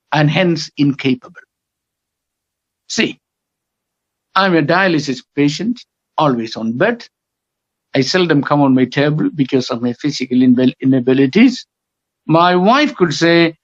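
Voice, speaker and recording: Emphatic man with a Kerala accent. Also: on the high side. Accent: Indian English, Kerala. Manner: emphatic, repeats words slowly for stress. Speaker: guest speaker. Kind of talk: lecture on English usage. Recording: dull lo-fi recording.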